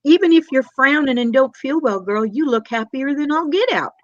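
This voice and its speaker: A woman's voice: sits high, lively intonation, moderate pace, no room sound, muffled recording. A woman on a video call, effusive and full of compliments and endearments. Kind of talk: casual chat.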